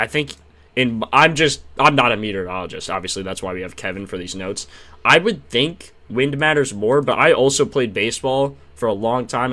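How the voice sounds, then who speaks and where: A young man live-streaming casual chat about betting picks, excitable and slangy, thanking subscribers and trailing off into mumbled fillers. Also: mid-range voice.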